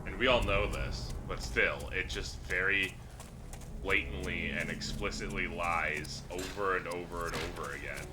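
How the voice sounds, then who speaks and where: Rambling low-voiced male streamer. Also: fairly even intonation, a little slow, background noise. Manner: rambling, crude, filler-heavy. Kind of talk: casual gaming stream chat. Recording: game music under voice.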